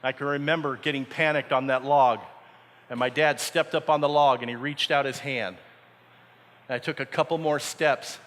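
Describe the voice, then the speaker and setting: At a camp, a man preaches a dramatic, story-driven sermon, acting out the characters' voices as he goes. His voice is medium-pitched and a bit bright, echoing through the hall.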